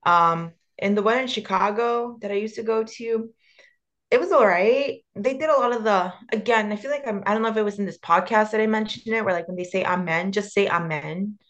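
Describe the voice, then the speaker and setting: Young woman cohosting a podcast, blunt and sarcastic, swears a lot, mid pitch. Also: fairly quick, dull audio. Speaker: podcast co-host. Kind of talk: casual chat.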